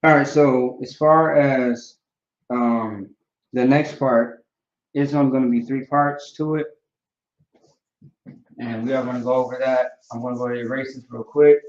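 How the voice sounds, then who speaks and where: A man teaching a language class in a casual, relaxed way, often checking in with "right?" and "you know". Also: mid-range voice, normal speed, long pauses. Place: classroom, writing on a board. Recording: roomy, distant, dull lo-fi sound.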